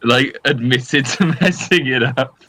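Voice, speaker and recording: A man's voice: mid-range voice, measured pace, pushed and bright, low-quality recording. A man playing in a tabletop game, ribbing the others bluntly and swearing. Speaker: player. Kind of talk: casual game chat.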